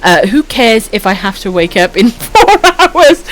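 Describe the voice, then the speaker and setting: Medium in pitch, sing-song and measured in pace, this is a Welsh woman in her thirties chatting casually on a late-night stream. Giggly and foul-mouthed yet affectionate, she reads chat aloud and calls viewers pet names.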